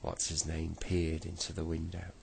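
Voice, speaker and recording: Deep gravelly bedtime storyteller man. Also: monotone, a little mellow, a little hiss or hum. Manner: slow, unhurried reading with small slips.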